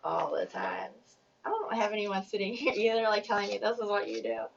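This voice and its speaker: Woman, tarot reader, gravelly voice, rambling, self-conscious, distant muffled mic. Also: mid-range voice, fairly even intonation, quick pace, heavy background noise. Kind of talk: casual tarot reading.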